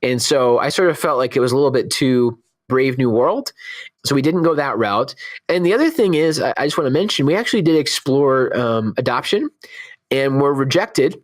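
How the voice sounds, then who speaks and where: Man in his thirties, born in Scotland, American accent, earnest and reflective, mid-pitched voice. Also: lively intonation, normal speed. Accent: American, Texan-leaning with faint Scottish traces. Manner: earnest, reflective, laughs easily. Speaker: oncologist guest. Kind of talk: conversational interview.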